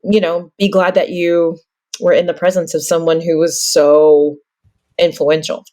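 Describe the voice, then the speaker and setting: A woman's voice: fairly low pitch, little pitch movement, a little slow, dark tone. Easygoing woman hosting a podcast. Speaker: podcast host. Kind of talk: casual chat.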